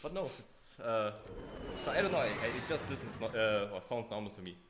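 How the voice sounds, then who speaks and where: A man's voice: on the low side, expressive. Man, hesitant casual talk, echoey room, noisy call audio. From Germany. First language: German. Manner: hesitant, halting, with repeated restarts. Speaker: guest on voice call. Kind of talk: casual chat.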